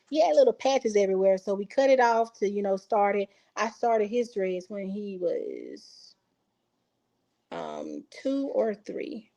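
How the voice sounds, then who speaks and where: The recording cuts off the highs of this woman's fairly high, slightly mellow voice. She is a mother from Texas and an interview guest, casually recounting a personal story and performing the quoted lines with feeling.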